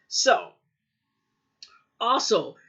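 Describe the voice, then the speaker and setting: A woman's voice: extremely slow, a bit bright, highs cut off. A woman casually recapping a TV episode, rambling with lots of fillers and acting out quoted lines. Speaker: TV recap vlogger.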